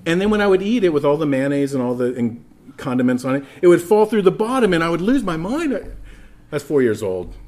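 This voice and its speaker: A pastor with a slightly high voice preaches a sermon a little quickly. He tells stories in an animated way and addresses the congregation directly.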